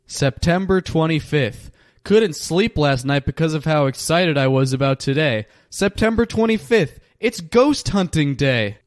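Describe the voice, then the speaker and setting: A man hosting a comedy podcast, reading absurd diary entries in a deadpan, dry delivery. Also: medium pitch, dry recording. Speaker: podcast host.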